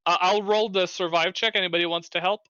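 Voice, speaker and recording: A man playing a tabletop game, planning tactics out loud in a deliberate way. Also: high voice, fairly even intonation, muffled recording. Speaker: player.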